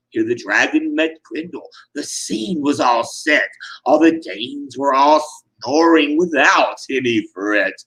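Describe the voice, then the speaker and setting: A man's voice: mid-range voice, fairly bright tone, rough recording. A man giving a dramatic reading of a rhyming tale with a theatrical, sing-song delivery. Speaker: reader.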